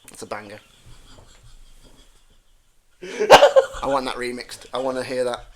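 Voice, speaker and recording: A man's voice: mid-range voice, wildly swooping pitch, takes it slowly, gravelly. A man with a strong Brummie accent, a guest comedian rambling and joking through a casual podcast chat and often correcting himself mid-sentence. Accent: Birmingham (Brummie).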